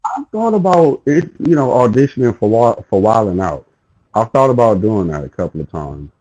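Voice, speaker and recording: A man hosting a podcast in relaxed casual chat, rambling and saying "you know" a lot. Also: fairly low pitch, normal speed, poor audio. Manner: laid-back, rambling, with lots of "you know". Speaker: podcast host.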